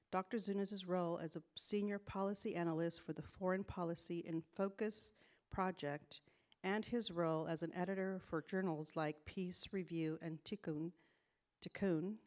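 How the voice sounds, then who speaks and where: A woman reading a prepared introduction for a guest speaker at an event, out of breath from rushing, stumbling over words now and then and laughing at her slips. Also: fairly low pitch, darkish tone. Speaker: executive director introducing a speaker. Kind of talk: formal introduction speech. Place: event hall.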